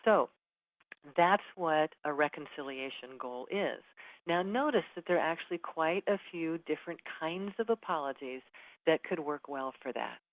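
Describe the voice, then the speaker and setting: A woman's voice: low voice, animated, moderate pace, poor audio. A woman giving an educational webinar talk, earnest and emphatic, who sometimes acts out example apologies. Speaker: webinar presenter.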